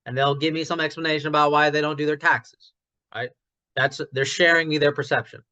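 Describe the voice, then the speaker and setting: A man talking through an idea in a casual online discussion, his voice bright and forceful and pitched a little high. He restarts often as he thinks aloud and grows loud when an idea excites him. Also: fairly quick, lo-fi sound. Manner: gets loud when passionate about ideas. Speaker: discussion participant.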